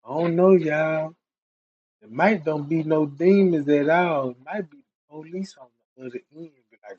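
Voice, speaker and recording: A man streaming who tells comedic stories in an animated, profane way and laughs often. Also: on the high side, normal speed, dry recording. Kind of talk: comedic storytelling rant.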